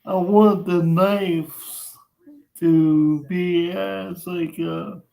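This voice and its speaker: Slow, gravelly-voiced man chatting. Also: high voice, steady tone, a little mellow, rough recording. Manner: halting, restarts often. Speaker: podcast host. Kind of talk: casual chat.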